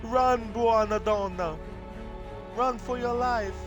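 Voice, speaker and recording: A man's voice: very high voice, slow pace, over music, pitched above the performer's own voice. A man doing a put-on voice for a flamboyant, smarmy Italian man flirting, with an exaggerated accent and a theatrical, swooping delivery. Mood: panicked.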